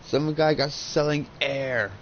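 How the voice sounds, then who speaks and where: A man's voice: on the high side, steady tone, slow pace. Gamer guy in his thirties, swears constantly and rambles through stories, headset mic, slightly dull sound with faint background hum. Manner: profane, rambling storyteller. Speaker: gaming channel host. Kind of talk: casual chat while gaming.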